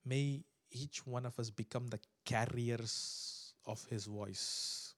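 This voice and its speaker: A man preaching a sermon to a live and online congregation, swinging between loud exhortation and hushed prayer, and acting out voices in his stories. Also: medium pitch, takes it slowly, hardly any pauses, dry recording. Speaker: pastor.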